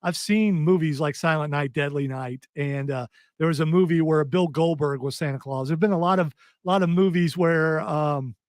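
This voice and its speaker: A man with a somewhat high voice hosting a casual pop culture podcast. He steers the talk, switches topics and poses questions in a relaxed, conversational way. The sound is dry and close. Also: normal speed, hardly any pauses, no room sound. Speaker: podcast host.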